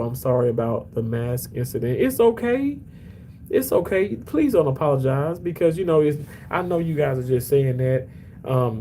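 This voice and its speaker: A man live-streaming from his workplace during a shift, chatting to viewers in a loose, animated way. His voice sits at a middle pitch but often jumps sharply higher, full of restarts and quick asides. A faint hum of ambience sits behind him. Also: poor audio. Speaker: livestreamer reading chat. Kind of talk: casual livestream chat.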